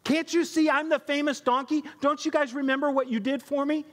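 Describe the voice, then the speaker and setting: A man's voice: very high voice, steady tone, a little fast, a bit bright, big-room sound, voice pushed up. A pastor voicing a vain young male donkey who wants attention, indignant and whiny, in a story told within a sermon.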